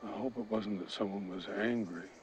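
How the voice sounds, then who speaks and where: An actor playing a smooth-talking middle-aged male community leader, speaking in a measured, conciliatory way. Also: lowish voice, dull audio, slight background noise, close to an everyday voice.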